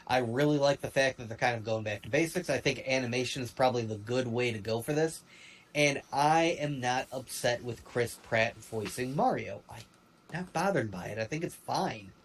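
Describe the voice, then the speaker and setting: A man's voice: mid-range voice, moderate pace, poor audio. Guy rambling on a stream, lots of uh and um, medium voice, faint hum behind. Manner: rambling, animated, with frequent fillers and restarts. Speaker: stream co-host. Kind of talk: casual chat.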